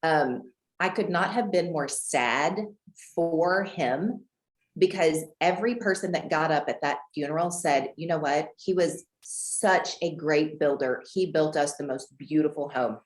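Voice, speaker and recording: A woman from Houston, Texas, coaching a group on a video call, animated and acting out dialogue with big pitch jumps. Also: unhurried. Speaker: guest real estate coach. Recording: roomy echo.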